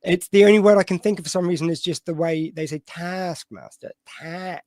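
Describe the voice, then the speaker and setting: A man in casual chat, tossing in quick jokey asides. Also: high voice, fairly even intonation, a little mellow, no echo, clean studio sound.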